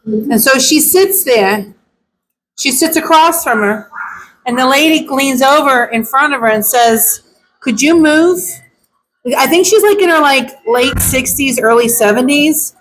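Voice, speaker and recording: A woman's voice: high-pitched, animated, a little slow, a bit bright, slight background noise, low-quality recording. A woman dog groomer chatting casually as she works, blunt and opinionated. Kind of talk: casual chat while grooming.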